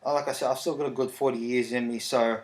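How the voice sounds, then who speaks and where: A man's voice: mid-range voice, fast talker. A man, hosting a podcast in casual, rambling solo talk. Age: 30s. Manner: rambling, relaxed, frequent fillers. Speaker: podcast host. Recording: roomy echo.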